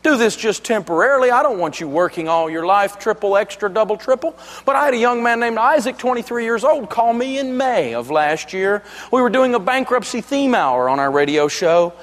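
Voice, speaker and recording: A man's voice: sits high, expressive, brisk, hardly any pauses, long reverb tail. A man giving a live seminar talk, telling jokey stories in a folksy, emphatic way. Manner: joking storyteller, folksy and emphatic. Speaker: money speaker and radio host.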